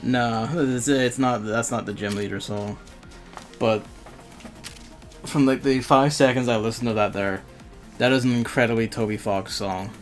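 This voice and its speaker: A man's voice: medium pitch, fairly even intonation, normal speed, long pauses, faint music behind. A man chatting offhand and swearing while streaming a mobile game. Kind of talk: casual gaming stream chat.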